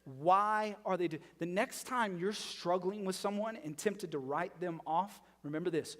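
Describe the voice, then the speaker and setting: A male pastor giving a sermon, emphatic and full of rhetorical questions, moving between loud and hushed delivery. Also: sits high, measured pace, hardly any pauses. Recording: long reverb of a large hall.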